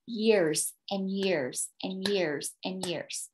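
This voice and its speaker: A woman's voice: mid-range voice, very slow, a little mellow, a little hiss or hum. A woman leading a motivational sales team training over a video call, emphatic, repeating her points and checking in with "okay?".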